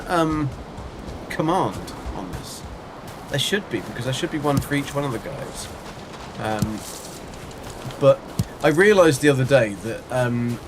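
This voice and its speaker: A man's voice: mid-range voice, background noise. A man chatting casually while livestreaming a game, rambling and answering his chat as he plays. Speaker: game streamer. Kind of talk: casual live gameplay chat.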